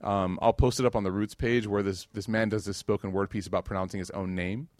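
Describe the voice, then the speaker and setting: A man's voice: fairly low pitch, fast talker, no room sound, clean studio sound. A man from the United States giving a casual religious talk with humor, telling stories animatedly and acting out the dialogue. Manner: animated storyteller who acts out dialogue. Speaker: religious speaker.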